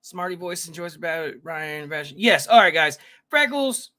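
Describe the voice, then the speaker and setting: Man, live-stream host, casual chat, bright tense tone, rambling, greets viewers. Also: on the high side, expressive, a little slow. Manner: frequent laughs and self-interruptions. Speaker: livestream reaction host.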